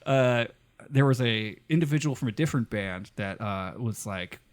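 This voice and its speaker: A man co-hosting a podcast, telling stories in an animated, profane casual chat. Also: medium pitch, moderate pace. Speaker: podcast co-host.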